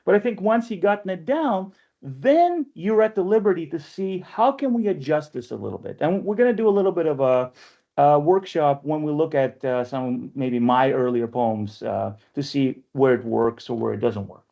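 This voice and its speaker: A man leading an online poetry workshop in a conversational lecturing style, often checking in with listeners and slowing down to read verse aloud. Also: a little high, animated, gravelly. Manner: chatty, often checks in with "right?"; reads verse aloud slowly and deliberately. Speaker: workshop leader and press editor. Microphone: webinar computer mic. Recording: dull lo-fi webinar audio.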